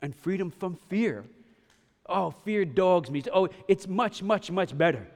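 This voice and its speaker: A man preaching a sermon, emphatic, shifting between loud bursts and hushed passages, often checking in with his listeners with "yes?" and "right?". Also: high-pitched, lively intonation, moderate pace, big-room sound. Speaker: pastor.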